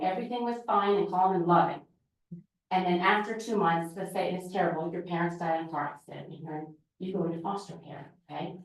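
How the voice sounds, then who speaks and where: A woman's voice: medium pitch, far from the mic. Woman teacher in a very echoey hall. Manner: lively storytelling, acts out classroom exchanges. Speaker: preschool teacher giving a talk. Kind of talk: informal presentation to a group. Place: large echoey church hall. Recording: very echoey hall, voice picked up from afar.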